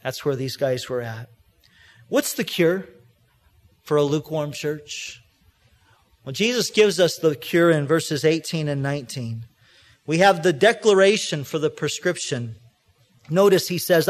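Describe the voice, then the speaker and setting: Male pastor, higher-pitched voice, easygoing storytelling sermon delivery. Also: animated, moderate pace. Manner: storytelling preacher, acts out quoted voices; conversational, with frequent restarts.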